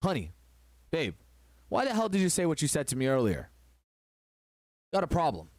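A man's voice: fairly high pitch, wildly swooping pitch, moderate pace, darkish tone, no room sound. A man voicing a wife who keeps pressing her husband with pointed questions. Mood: accusing. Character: annoyed, confrontational wife.

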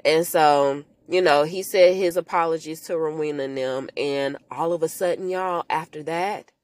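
A woman casually recapping a movie for her podcast listeners, telling it in an animated way and acting out the characters' lines. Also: low voice, moderate pace, no room sound. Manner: animated storytelling, talks to listeners as "y'all", acts out quotes in character voices. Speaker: podcast host recapping a film.

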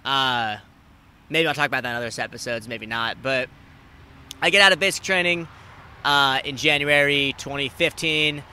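A man in his twenties hosting a podcast, telling stories in casual chat, animated and swearing freely, acting out the people he quotes. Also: moderate pace, slight background noise. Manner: animated, acts out quoted people with big jumps in pitch and loudness. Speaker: podcast host.

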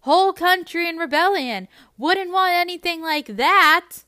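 A woman reading aloud and voicing a defiant, sarcastic young woman who mockingly shouts her lines. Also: extremely high pitch, unhurried, no room sound, clean studio sound, voice pushed up, heavily acted.

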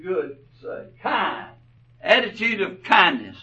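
A man preaching a sermon, telling stories slowly and deliberately, his phrases often trailing off softly. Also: a little high, animated. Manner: slow, deliberate storytelling with soft trailing phrases. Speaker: pastor. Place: church. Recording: dull, distant church recording.

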